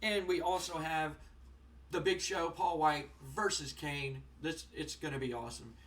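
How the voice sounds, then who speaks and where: A young man casually commenting on a wrestling management game, rambling with lots of fillers and getting excited. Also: fairly high pitch, normal speed, recorded from a distance. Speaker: gaming channel host. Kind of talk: casual let's-play commentary.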